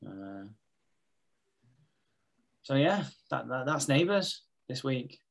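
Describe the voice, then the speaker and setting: A man in a relaxed podcast chat, swearing freely as he recaps a soap episode. His voice sits at a middling pitch, and he slips in quick impressions of the characters as he goes. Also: vocal fry, slight background noise. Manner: sweary storytelling, mimicking characters in quick asides. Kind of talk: casual chat.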